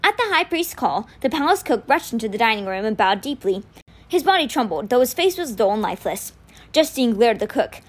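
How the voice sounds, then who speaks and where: Reading a novel for her podcast, this woman speaks a little fast in a fairly high voice. Her storytelling is expressive, with characters' quoted lines woven into the narration.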